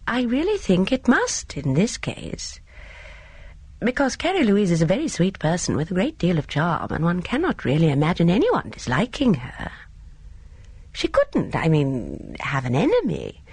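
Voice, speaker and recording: A woman voicing a gentle, apologetic elderly spinster sleuth in an audiobook, hesitant and flustered, with a breathy tone. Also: mid-range voice, no echo, pitched above the performer's own voice, heavily acted. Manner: hesitant, flustered, soft-spoken. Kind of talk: audiobook character voice.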